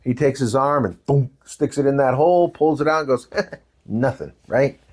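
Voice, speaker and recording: A man's voice: medium pitch, brisk. An older man giving a talk to parents, telling stories with acted-out quotes and asking the audience questions. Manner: animated storytelling with acted quotes. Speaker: presenter.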